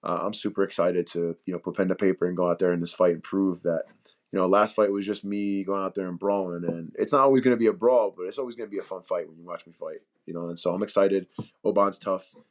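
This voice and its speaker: A young adult man, a fighter, talking casually in an interview over a video call, relaxed and slangy, laughing often. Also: deep voice, fast talker. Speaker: UFC welterweight fighter.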